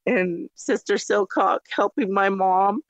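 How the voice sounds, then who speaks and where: A woman sharing her personal faith testimony, retelling conversations with lots of quoted back-and-forth and lively jumps in pitch. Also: takes it slowly, no echo. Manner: retells conversations with lots of "I go, she goes" quoting; animated, jumps high in pitch when quoting surprise. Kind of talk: personal storytelling. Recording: dull, slightly lo-fi dry recording.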